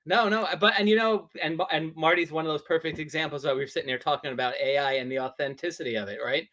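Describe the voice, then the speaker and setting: Man, fairly high voice, casual host, rambling questions. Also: fast, a bit bright. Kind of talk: casual interview chat.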